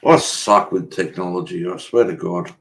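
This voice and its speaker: A man's voice: low-pitched, normal speed, fairly bright tone, a little hiss or hum. An Australian man in loose, joking livestream chat who swears freely. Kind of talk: casual chat.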